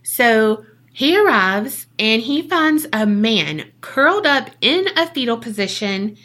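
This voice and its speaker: A woman's voice: on the high side, very animated, takes it slowly, a bit bright. A woman, co-hosting a podcast and telling a story in a casual, jokey way that is full of swearing. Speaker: podcast co-host.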